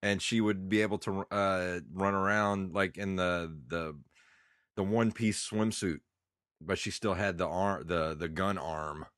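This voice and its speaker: A congested man with a deep, low voice rambles nostalgically as a podcast co-host. His sound is close and dry, with no room around it. He talks casually and laughs easily. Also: fairly even intonation, a little slow, fairly bright tone, no room sound. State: congested, coughing. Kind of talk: casual chat.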